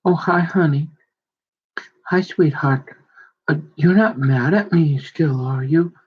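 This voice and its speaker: A man's voice: fairly high pitch, slow pace, slightly rough, highs cut off. A man mimicking a nagging then sweet-talking wife.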